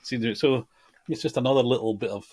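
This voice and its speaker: Wry, husky-voiced man. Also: medium pitch, fairly even intonation, normal speed, darkish tone. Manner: wry, digressive, chuckling asides. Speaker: podcast co-host. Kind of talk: casual chat.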